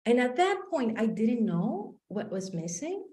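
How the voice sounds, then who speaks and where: A female life coach gives a motivational talk built around a personal story, animatedly acting out each exchange of dialogue. Her slightly high voice ranges widely and moves at a measured pace. The room adds a clear echo.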